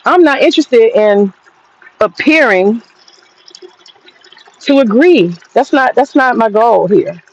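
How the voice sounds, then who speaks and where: Slow and animated, with a voice on the high side and long pauses, a US livestream host reads her chat and rants bluntly, swearing along the way. The audio quality is poor.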